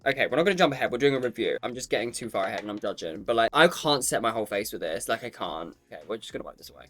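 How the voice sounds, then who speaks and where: A man's voice: medium pitch, lively intonation, racing, bright, forceful tone, soft background music. A man reviewing makeup to camera in a casual, campy and sassy way, swearing freely and calling the viewer "girl". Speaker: makeup vlogger.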